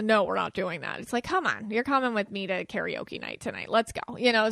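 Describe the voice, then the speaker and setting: A woman's voice: medium pitch, pushed and bright, no echo, studio quality. A woman hosting a podcast, talking casually and chattily, acting out the quoted lines of the people she describes. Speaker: podcast host.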